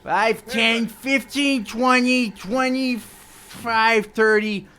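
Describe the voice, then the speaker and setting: A man's voice: very high-pitched, very slow, a little hiss or hum. A man running a tabletop role-playing game as game master, narrating the action and counting out rolls. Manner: lively, counts dice out loud, animated narration.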